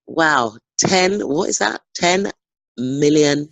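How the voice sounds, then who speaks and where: A man reading a nonfiction book aloud in a measured, deliberate way, now and then stumbling over a word. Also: fairly high pitch, expressive, vocal fry, fairly bright tone, no echo, low-quality recording. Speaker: reader.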